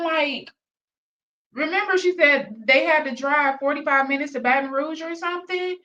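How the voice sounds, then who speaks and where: A woman hosts a casual gossip reaction show, breaking into animated asides addressed to her viewers. Her voice sits a little high. The recording sounds slightly dull and lo-fi. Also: moderate pace. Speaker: reaction channel host.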